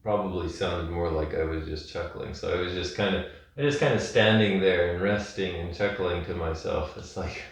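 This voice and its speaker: A man leading a yin yoga class, giving calm, gentle cues and telling a rambling personal story. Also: deep voice, normal speed. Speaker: yoga instructor. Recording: echoey room, distant mic.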